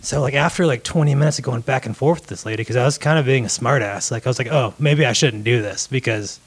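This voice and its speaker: A man's voice: mid-range voice, fast, husky, no echo. A man chatting casually, telling a long story in a laid-back, profane way and often saying "dude". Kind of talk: casual chat.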